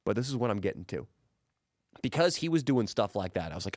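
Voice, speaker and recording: A man telling a crude story in a casual podcast chat, profane and animated. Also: fast, no echo, clean studio sound. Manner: animated, profane, mimics people in high put-on voices. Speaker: podcast guest.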